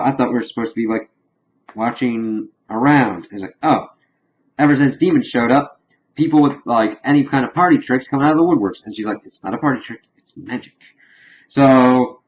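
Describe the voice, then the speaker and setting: Low-voiced man recapping a show, lo-fi. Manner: retells scenes loosely with "he's like" quotes and fillers. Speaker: TV show reviewer. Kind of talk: casual spoiler recap review.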